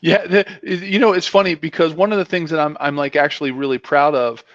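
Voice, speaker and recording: Lively storytelling ex-football man. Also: on the high side, fairly quick, no room sound, muffled recording. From Pennsylvania. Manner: animated storyteller, puts on voices for quotes. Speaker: guest, former pro football player. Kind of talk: casual storytelling.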